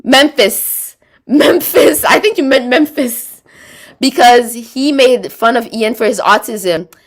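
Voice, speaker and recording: A woman with a Quebec French accent hosts a casual livestream, speaking at a measured pace in a fairly high voice. She chats, rambles and reads viewer comments aloud.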